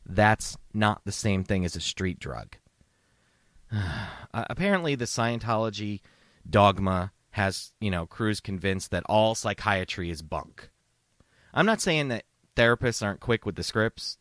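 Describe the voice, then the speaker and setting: A man's voice: fairly low pitch, no echo, studio quality. A man hosting a comedy podcast, ranting sarcastically with heavy profanity and mock outrage. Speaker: podcast host. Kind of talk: comedic rant.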